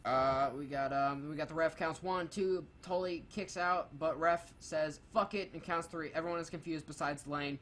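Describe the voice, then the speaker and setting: A man's voice: on the high side, steady tone, moderate pace, few pauses, fairly bright tone, slight background noise. Sarcastic man swearing through a review. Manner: reads notes aloud, swears freely, sarcastic. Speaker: co-host reviewing a wrestling show. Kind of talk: casual, profane review commentary.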